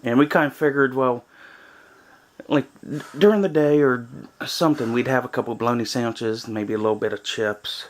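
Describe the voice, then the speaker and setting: A man's voice: medium pitch, normal speed. Rambling man chatting to camera. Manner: rambling, chatty, many fillers. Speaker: vlogger on a cabin trip. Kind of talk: casual chat to camera. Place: small cabin in the woods.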